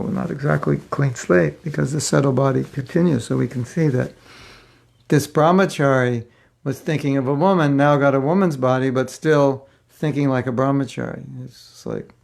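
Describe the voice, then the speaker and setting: A man's voice: medium pitch, moderate pace, creaky, a little mellow. An older man giving a spiritual class, telling a personal story in a rambling, conversational way with many fillers. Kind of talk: casual storytelling lecture.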